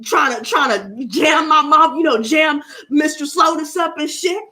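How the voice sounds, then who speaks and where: A woman's voice: high-pitched, unhurried, bright, forceful tone, pitched above the performer's own voice. A woman voicing a bold, cocky little male butterfly taunting cats.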